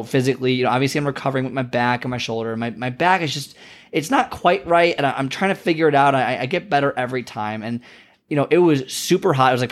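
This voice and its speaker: Male podcast host, casual monologue, filler-heavy and rambling, self-deprecating, mid-pitched. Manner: rambling and chatty, heavy with "like" and "you know".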